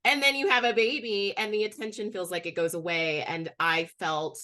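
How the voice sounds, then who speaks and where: A woman's voice: medium pitch, steady tone, normal speed, sharp tone. A woman on a webinar speaking in a candid, emotional way. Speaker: webinar co-host. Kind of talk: personal story on a webinar.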